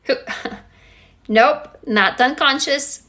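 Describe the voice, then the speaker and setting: A woman's voice: high voice, extremely slow, bright, forceful tone. A woman hosting a live stream, coaching her viewers in a casual self-help talk. She keeps asking them questions and swears now and then.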